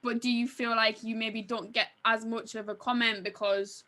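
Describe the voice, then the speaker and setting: A woman with a Northern English accent co-hosting a live podcast, telling stories in a chatty, animated way. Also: a little high, moderate pace. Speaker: podcast co-host. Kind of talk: casual chat at a live podcast. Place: live event venue.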